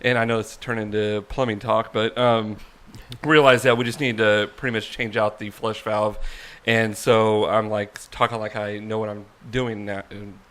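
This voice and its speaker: A man's voice: on the low side, little pitch movement, moderate pace, fairly bright tone. A man on a podcast, telling a rambling, self-mocking story in casual chat. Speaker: podcast co-host.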